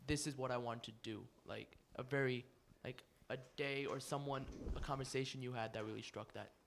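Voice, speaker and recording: A man's voice: medium pitch, steady tone, gravelly, a bit bright, slight background noise. Hesitant man asking a question. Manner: halting, searching for words.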